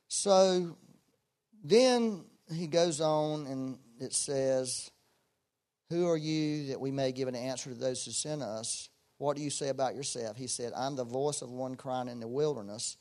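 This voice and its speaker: A man preaching a sermon in a folksy, emphatic way, with loud bursts and joking asides. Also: medium pitch. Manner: folksy, self-deprecating asides.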